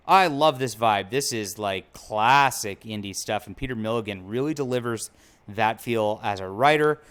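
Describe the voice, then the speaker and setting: A man's voice: medium pitch, fairly bright tone, clear, resonant tone. A man hosting a casual commentary, chatty and upbeat, with frequent fillers and self-corrections. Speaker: comics commentary host.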